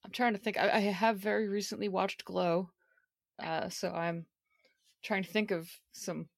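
A woman's voice: medium pitch, steady tone, unhurried, gravelly, no echo, studio quality. A woman playing in a tabletop game, chatting and laughing while she describes her character's moves. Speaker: player. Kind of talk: casual tabletop play.

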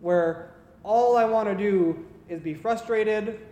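High-voiced man preaching in an echoey hall. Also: takes it slowly, mellow. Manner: conversational storytelling, earnest. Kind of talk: sermon.

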